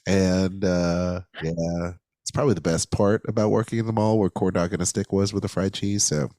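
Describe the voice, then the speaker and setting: A man's voice: sits low, flat delivery, normal speed, mellow, no room sound. A man co-hosting a casual podcast, enthusiastic and playful, with frequent fillers. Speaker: podcast co-host.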